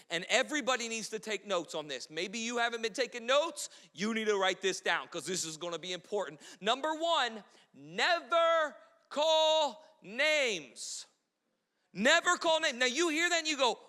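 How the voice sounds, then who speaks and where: High, bright-voiced preacher in a reverberant hall. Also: male voice. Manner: animated preaching, mimics quarrels in a shrill voice. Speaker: pastor. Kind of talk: sermon. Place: church hall.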